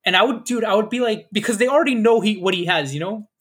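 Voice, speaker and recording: Husky high-voiced man rambling. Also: fast. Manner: rambling storyteller, acts out quoted officers, many fillers. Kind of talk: casual chat.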